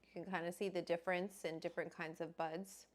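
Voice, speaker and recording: A woman's voice: on the low side, flat delivery, brisk. A woman hosting a casual livestream, chatty and rambling as she greets viewers by name. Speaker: host.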